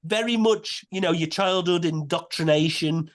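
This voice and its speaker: A man, a podcast guest telling a story in a casual, animated way. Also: a little high, normal speed. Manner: animated, many restarts and quoted voices.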